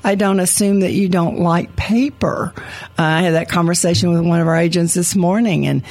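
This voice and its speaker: Older woman telling a lively story. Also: fairly low pitch, normal speed. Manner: animated anecdote telling with acted quotes. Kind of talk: conversational storytelling.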